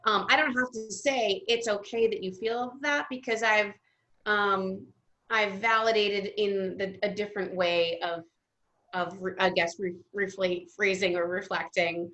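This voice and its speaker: A woman's voice: medium pitch, fairly even intonation, pushed and bright. A young adult woman, a guest music therapist, telling stories in a casual interview with many ums and restarts. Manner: halting, restarts often with ums. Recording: dull lo-fi sound.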